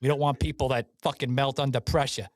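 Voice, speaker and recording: A man's voice: mid-range voice, steady tone, quick pace, no echo. A man co-hosting a podcast in a studio, chatting casually with lots of swearing, laughter and banter. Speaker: podcast co-host. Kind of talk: casual political chat.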